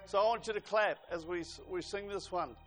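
At a church service, a man preaches, reads scripture, and leads the congregation in song. His voice sits high and moves fairly quickly, and loud music plays behind it.

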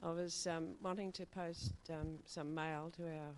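A woman's voice: low voice, steady tone, a little slow, a little hiss or hum. An older woman telling a personal testimony at a church meeting, in chatty storytelling style. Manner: chatty storytelling, acts out quoted dialogue. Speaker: church member giving a testimony.

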